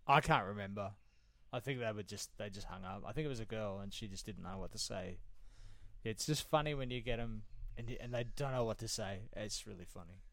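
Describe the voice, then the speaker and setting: A man's voice: lowish voice, a little fast, a bit bright, dry recording. A man co-hosting a casual podcast chat, telling jokey stories about prank calls and chuckling often.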